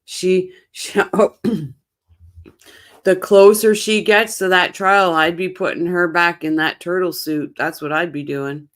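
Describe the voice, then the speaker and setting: A woman's voice: on the low side, fairly even intonation, slow. A woman hosting a casual true crime stream, chatty and opinionated, talking to her chat on little sleep. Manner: chatty, opinionated, rambling with restarts. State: short on sleep. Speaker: true crime channel host. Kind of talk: casual live-stream chat reacting to chat comments.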